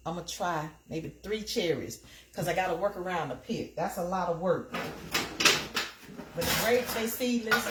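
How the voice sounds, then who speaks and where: A middle-aged woman hosting a casual live stream from her kitchen, talking to her viewers in a chatty, repetitive way. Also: sits low. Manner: chatty, talks to the chat as "y'all", repeats herself. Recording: noisy home stream with crinkling.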